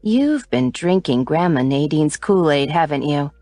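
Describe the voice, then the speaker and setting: Woman doing a sharp-tongued young woman, exasperated, for an audiobook. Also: low voice, expressive, measured pace, dry recording.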